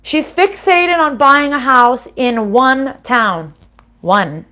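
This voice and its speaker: A woman's voice: high voice, slow pace, bright, forceful tone. A woman from the United States giving a casual tarot card reading. She talks bluntly, swears freely and laughs often. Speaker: tarot reader. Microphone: desk microphone.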